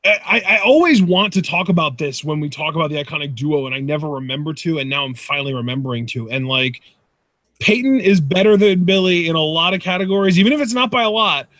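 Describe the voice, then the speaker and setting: A man's voice: on the high side, expressive, fast talker, a bit bright, no room sound. A young man co-hosting a casual wrestling review chat, enthusiastic and rambling, often restarting his sentences. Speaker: podcast co-host.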